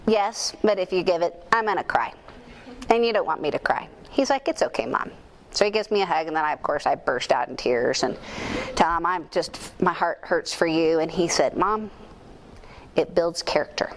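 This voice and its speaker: A middle-aged woman speaking at a conference, telling a personal story in a candid, self-deprecating, animated way. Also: lowish voice, normal speed, pauses often. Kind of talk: storytelling keynote talk. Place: conference room.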